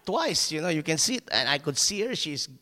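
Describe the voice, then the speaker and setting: A man preaching a sermon as a pastor, telling a personal story in an animated way, laughing at himself and stumbling over restarts. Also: fairly high pitch, a little fast, in a large hall.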